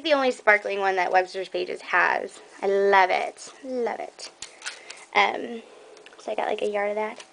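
Chatty excited woman showing off craft supplies. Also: medium pitch, creaky, slight background noise, rough recording. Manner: chatty, excitable, rambling with many ums. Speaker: scrapbooking vlogger. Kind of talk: casual show-and-tell haul video.

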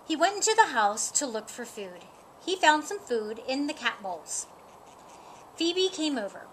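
A woman reading a children's picture book aloud in a slow, expressive, sing-song way. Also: fairly high pitch, slight background noise. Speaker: storybook reader.

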